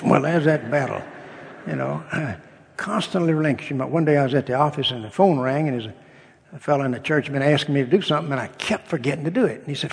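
A man's voice: on the high side, fast talker, creaky, husky. An older man, a pastor, preaching a sermon in a folksy storytelling way, with humor and acted-out dialogue. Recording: long reverb of a hall.

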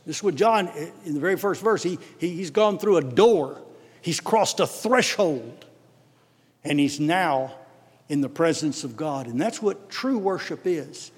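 Texan preacher, slow and emphatic. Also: male voice, fairly high pitch, expressive, husky. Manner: emphatic, swelling on key words, rapid asides. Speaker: pastor. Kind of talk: sermon. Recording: long hall reverb.

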